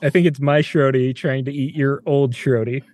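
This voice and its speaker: A woman's voice: rumbling low, steady tone, moderate pace, a little mellow. A woman playing in a tabletop game, playfully narrating what her character does. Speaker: player. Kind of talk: casual tabletop play.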